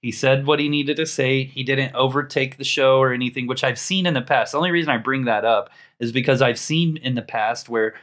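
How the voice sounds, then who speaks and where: Excited guy hosting a podcast, laughs a lot, stumbles on his words, normal pitch. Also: a little fast, hardly any pauses. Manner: enthusiastic, laughs often, stammers. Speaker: podcast host. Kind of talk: casual podcast chat.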